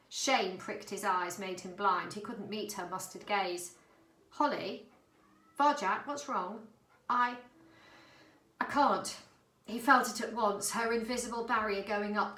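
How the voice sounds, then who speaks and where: Brief: woman storybook narrator, bright and expressive, echoey room. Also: medium pitch. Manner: expressive, dramatic. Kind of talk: storybook reading.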